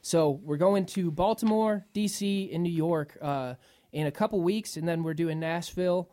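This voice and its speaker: A man, a string-band musician, chatting casually and quickly about his band's shows. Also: on the high side, warm tone, no echo, clean studio sound. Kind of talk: live radio performance and chat.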